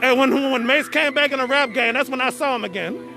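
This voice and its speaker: Stammering host, gravelly voice. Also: sits high, a little fast. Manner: stammers, repeating words. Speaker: host of an online show. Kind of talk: casual live-stream commentary. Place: outdoor family party. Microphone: phone. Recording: outdoor party noise on a phone. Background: music and a chattering crowd.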